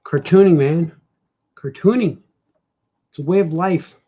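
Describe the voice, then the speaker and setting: A man with a voice a bit on the high side chats casually while he draws. He rambles and mutters to himself in a loose, thinking-aloud way. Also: unhurried, slightly rough, narrow, tinny audio. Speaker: cartoonist and comic shop host.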